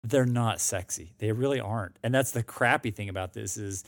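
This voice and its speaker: A man's voice: on the low side, moderate pace, no room sound, clean studio sound. A man co-hosting a finance podcast in casual chat, rambling with restarts and emphatic asides. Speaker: podcast co-host. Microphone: new microphone.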